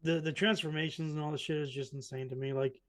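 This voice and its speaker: A man with a somewhat higher voice who speaks haltingly in casual podcast chat. He leans on filler words and often trails off mid-thought. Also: flat delivery, a bit bright. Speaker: podcast co-host.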